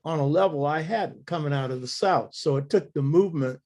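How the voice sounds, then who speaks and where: Older man, interview guest, blunt earthy storyteller, voice a bit high. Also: brisk, darkish tone. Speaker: interview guest telling family history.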